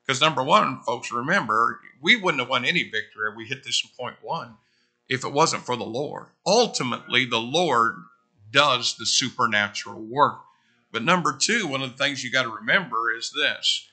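Middle-aged man, church preacher, tense bright tone, chatty storytelling sermon. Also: mid-range voice, moderate pace. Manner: conversational, animated storytelling with asides to the congregation.

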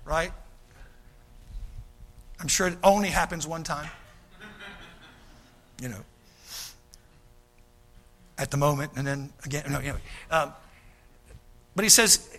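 A male pastor, preaching a folksy, animated sermon, often acting out quoted voices and repeating his starts. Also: sits high, a little slow, long pauses.

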